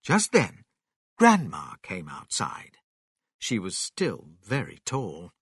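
A man reading a children's story aloud with slow, expressive narration. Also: sits low, slightly rough, no echo, clean studio sound.

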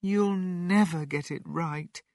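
Brief: man playing an anxious mother, high and shrill, storybook reading, close dry sound. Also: big pitch swings, slow pace, a bit bright, husky, no room sound, full character voice. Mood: fretful. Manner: cries and calls out in alarm. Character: anxious mother, a grown woman.

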